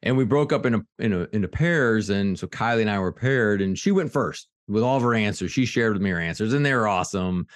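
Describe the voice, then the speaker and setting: A middle-aged man with a fairly low voice talks with earnest energy, often restarting his sentences as he tells a story. The sound is close and dry. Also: animated, fast, hardly any pauses, no room sound. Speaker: executive coach and author, guest. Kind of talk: podcast interview storytelling.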